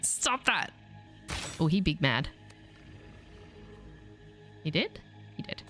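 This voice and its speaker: A woman with an Australian accent gives chatty, playful, self-mocking let's-play commentary while streaming a video game. Her low, slightly bright voice is slow but very animated, with soft music in the background.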